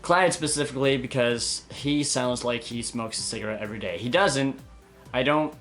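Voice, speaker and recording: A man's voice: mid-range voice, normal speed, fairly bright tone, soft background music. A young man, a puppeteer, casually answering viewer questions in a candid, chatty way. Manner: candid, chatty, hesitant fillers. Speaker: puppeteer and video maker. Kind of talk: casual Q and A vlog.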